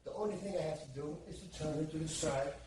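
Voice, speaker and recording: Grappling instructor, male, highish voice, counts moves aloud, recorded from across a reverberant training room. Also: quick pace, darkish tone, a little hiss or hum. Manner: counts moves aloud while demonstrating holds. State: strained under pressure at times. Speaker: martial arts instructor. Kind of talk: instructional demonstration. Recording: echoey room, distant mic, faint background.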